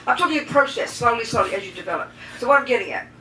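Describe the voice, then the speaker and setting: A woman teaching a talk to a group, lively and emphatic, asking and answering her listeners' questions. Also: a little high, rapid-fire. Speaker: Buddhist teacher. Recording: echoey room, mic at a distance, faint noise.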